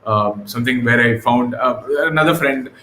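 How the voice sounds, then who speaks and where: A man's voice: mid-range voice, moderate pace. Man telling a story in an echoey room. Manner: relaxed, many fillers and restarts. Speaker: interview guest. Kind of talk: casual conversational storytelling. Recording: echoey room with faint noise.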